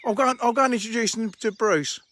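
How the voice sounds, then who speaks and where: High-voiced Englishman bantering on a live stream. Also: fast, fairly bright tone. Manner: joking, teasing banter with viewers. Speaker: fishery owner hosting a live stream. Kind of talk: casual live-stream chat. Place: outdoors by fishing lakes.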